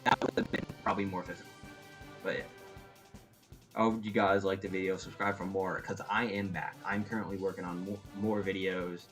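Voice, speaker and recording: A man with a fairly low voice gives a casual, opinionated review. He rambles, breaks off his sentences and starts them again. Faint music plays behind him. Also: fairly quick, low-quality recording. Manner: rambling, animated, opinionated, with frequent restarts. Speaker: anime reviewer.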